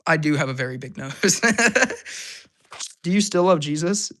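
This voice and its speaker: Man, live stream host, casual Q&A, hyper, laughs a lot, slightly hoarse, bright voice. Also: on the high side, lively intonation, slow.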